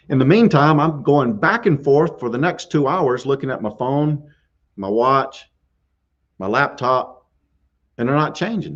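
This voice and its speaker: A man hosting a live stream, casually telling a scary story with frequent chuckles and restarts. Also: a little high. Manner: chuckles often through a spooky tale, with restarts. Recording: dull lo-fi stream audio.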